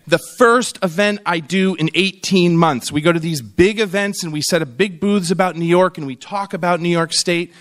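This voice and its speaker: High-voiced man giving a funny summit speech. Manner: lively storytelling with comic asides and acted quotes. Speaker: keynote speaker on tourism. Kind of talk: humorous conference speech.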